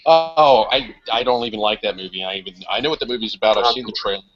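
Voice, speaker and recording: A man's voice: on the low side, music in the background. A man in a casual podcast chat who stumbles and restarts, swapping swear words for silly substitutes. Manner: halting, restarts, swaps profanity for silly words. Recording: lo-fi audio with faint noise.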